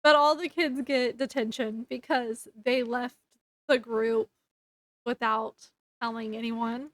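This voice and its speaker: A woman's voice: on the high side, steady tone, slow, a bit bright, no room sound. A woman casually recapping a book's plot for her review channel, rambling with fillers and self-corrections. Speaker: book reviewer. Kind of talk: casual book review vlog.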